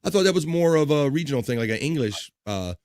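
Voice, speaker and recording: A man's voice: on the high side, animated, quick pace, darkish tone, dry recording, clean studio sound. Upbeat man hosting a livestream. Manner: upbeat, jokey, reads chat messages aloud. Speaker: livestream host. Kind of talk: casual livestream chat reading viewer comments.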